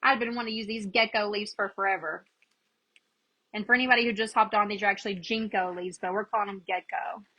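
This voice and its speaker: Chatty woman with a bright voice. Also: medium pitch, fairly even intonation, fast talker, poor audio. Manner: chatty, greets viewers by name while working. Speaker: craft livestream host. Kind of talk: casual live crafting demo.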